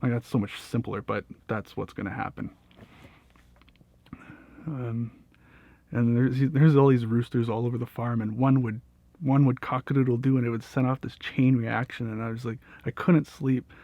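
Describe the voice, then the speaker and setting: A man's voice: mid-range voice, fairly even intonation, normal speed, mellow, dry recording. A young man telling a personal story in a casual, rambling way, with lots of fillers, swearing and laughter. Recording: dull, dry lo-fi audio.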